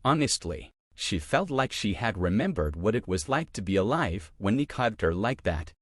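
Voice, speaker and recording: A man narrating a love story with an expressive, emotional reading. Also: lowish voice, moderate pace, dry recording, studio quality.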